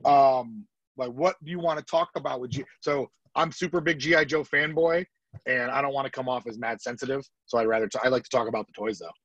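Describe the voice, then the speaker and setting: A man co-hosting a podcast, talking in excitable, jokey bursts in casual chat. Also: medium pitch, fairly quick, dry recording, dull audio. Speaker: podcast co-host.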